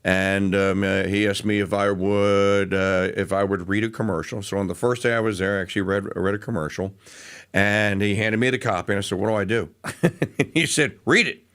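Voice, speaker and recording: A man's voice: lowish voice, fairly even intonation, moderate pace, a bit bright, clean tone. A middle-aged man hosting a talk radio show, telling a story in a rambling, casual way with many fillers and restarts.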